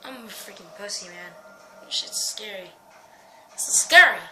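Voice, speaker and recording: A woman's voice: mid-range voice, expressive, moderate pace, bright, forceful tone, soft background music, poor audio. A woman giving jumpy, swear-laden commentary while playing a horror game. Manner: jumpy, swearing, talks to herself. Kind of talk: let's-play commentary.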